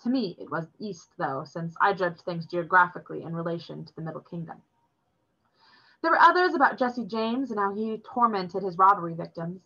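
A woman reading a novel chapter aloud in a steady storytelling manner. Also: fairly low pitch, moderate pace. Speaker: reader. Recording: dull lo-fi recording.

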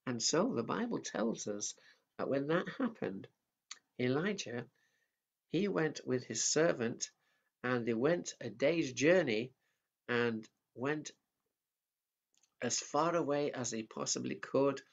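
Gravelly man preaching gently to families. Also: medium pitch, expressive, takes it slowly, long pauses. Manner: gentle, simple storytelling with slight restarts. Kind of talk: children's sermon storytelling. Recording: dull lo-fi sound.

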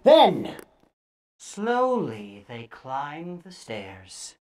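A woman storyteller reading scary stories aloud theatrically, dropping to hushes and bursting out loud. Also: low-pitched, very animated, very slow.

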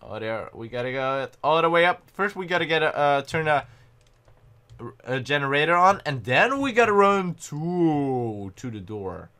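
Excitable bright-voiced young man gaming. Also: a little high, moderate pace, clear, resonant tone. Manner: excitable, panicky outbursts and self-mocking. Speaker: gaming channel host. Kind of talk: gameplay commentary.

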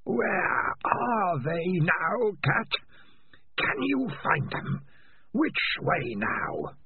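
A man voicing a cold, sinister alien mind that speaks through rats, drawing out his words slowly in a high, taunting voice. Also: wildly swooping pitch, husky, dry recording, heavily acted. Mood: taunting menace. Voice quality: slow, drawn-out, high taunting voice. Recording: lo-fi phone-like sound.

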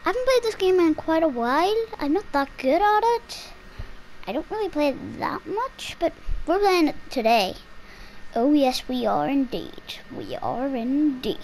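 A woman giving gameplay commentary on her channel, excitable and talking to herself as she plays. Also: extremely high pitch, normal speed, slight background noise. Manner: excitable, talks to herself while playing. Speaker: gaming YouTuber.

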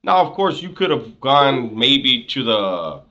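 A man's voice: medium pitch, sing-song, slow, sharp tone, highs cut off. A man giving reaction commentary with sarcastic, skeptical asides.

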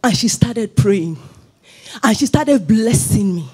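A woman's voice: medium pitch, expressive, takes it slowly, darkish tone, husky. A woman pastor, preaching a fervent sermon in church and slipping into sung phrases.

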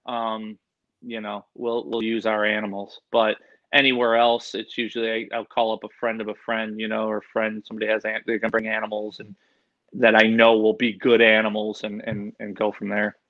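A man, an animal expert, telling rambling, animated stories in a casual interview. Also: on the low side, moderate pace, lo-fi sound.

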